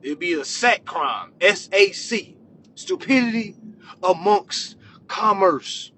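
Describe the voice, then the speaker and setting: A man ranting to his followers with profane comedy, swinging between shouting and low muttering. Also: lively intonation, takes it slowly, slight background noise. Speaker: social media commentator. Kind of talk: profane comedic rant to camera.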